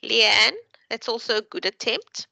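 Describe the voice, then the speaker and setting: A woman's voice: on the high side, gravelly, pushed and bright, no room sound, poor audio. A woman tutor giving patient, encouraging feedback to students in an online class. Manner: encouraging, patient, explains slowly. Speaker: university tutor.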